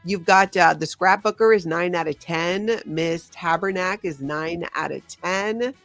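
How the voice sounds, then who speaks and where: A woman's voice: on the low side, unhurried, a bit bright, no echo. Brief: woman host, live stream, upbeat chat reader, dry close sound, faint music under. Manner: reads out chat names and scores, upbeat.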